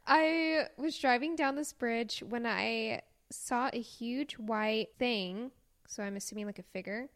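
Excitable woman reading spooky listener stories. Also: a little high, unhurried. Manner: excitable, gasps and exclaims. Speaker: podcast co-host. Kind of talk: casual chat, reading listener stories aloud.

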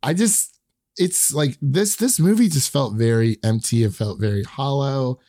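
A man co-hosting a laid-back movie review, halting and often restarting mid-thought. His voice sits at a middling pitch. The sound is dry and close, with no room echo. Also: lively intonation, mellow. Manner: hesitant, restarts often, laughs. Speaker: podcast co-host. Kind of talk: casual movie review chat.

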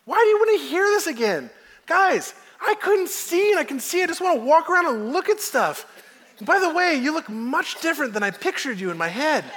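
Brief: a pastor putting on a young healed man, giddy and exasperated, very high voice, long hall reverb. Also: brisk, full character voice. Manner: high excited voice, laughing asides.

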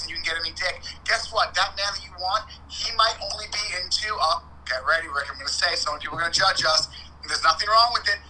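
A man chats on a podcast in an animated, theatrical way, blunt and full of profanity. His voice is strikingly bright and forward. A faint hiss of noise sits under the recording. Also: high voice, rough recording. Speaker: podcast co-host. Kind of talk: casual chat.

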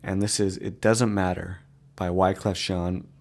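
A man's voice: deep voice, little pitch movement, unhurried, a little mellow. A man hosting a music podcast, talking in a rambling, chatty and easily amused way. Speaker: podcast host. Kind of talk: casual chat.

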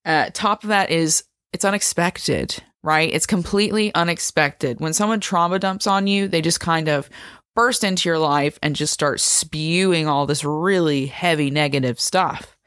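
A woman with a low, deep voice talks through a topic in an earnest, emphatic monologue. She keeps checking in with the listener by asking "right?" and "okay?". The sound is dry and close, with no room echo. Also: normal speed, a bit bright. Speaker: speaker explaining a psychology topic. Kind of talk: explanatory monologue, podcast-like.

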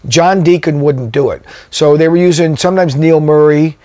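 A man's voice: a little high, moderate pace, mellow, no room sound. A man, a touring drummer, telling stories in a casual interview, rambling with many fillers and restarts. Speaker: guest drummer.

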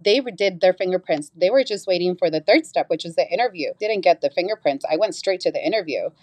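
A woman's voice: quick pace, dry recording. A young woman telling a personal story in a casual, earnest way as an interview guest. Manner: animated, acts out quoted voices with big pitch jumps; earnest, reflective.

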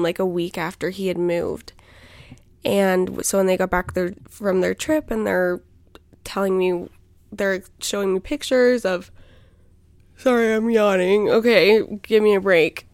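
A young woman talks casually on her podcast, drifting and self-interrupting as she fills pauses with small fillers. Her voice sits at an ordinary pitch. The sound is dry and close, with no room around it. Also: darkish tone, dry recording. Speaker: podcast host. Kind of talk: casual personal chat.

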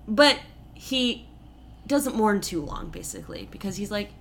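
A woman's voice: mid-range voice, unhurried, a little hiss or hum. A woman co-hosting a podcast, retelling a fairy tale in a casual, comedic way with lots of swearing and filler. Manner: animated, swearing, frequent "like" and "basically".

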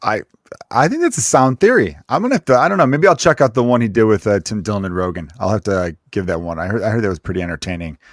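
A man's voice: on the low side, lively intonation, fast talker, no echo. Male podcast host, casual and joking, dry studio sound. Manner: rambling, joking, fond of asides.

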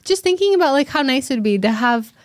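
On a podcast she co-hosts, a young woman chats casually and fast in a high, animated voice. She's a chatty storyteller who performs the quotes of the people in her stories. The studio-quality audio has no echo.

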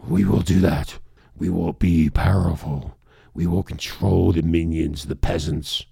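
A man voicing a smug, power-hungry elite ruler who gloats in a low, hushed voice. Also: fairly even intonation, measured pace, creaky, husky, dry recording, studio quality, exaggerated voice. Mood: gloating.

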